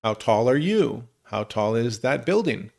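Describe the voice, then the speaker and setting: A man teaching English, reading example questions slowly and clearly for learners. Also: medium pitch, big pitch swings, a little mellow. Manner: slow, clear model phrases for learners. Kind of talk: scripted lesson narration.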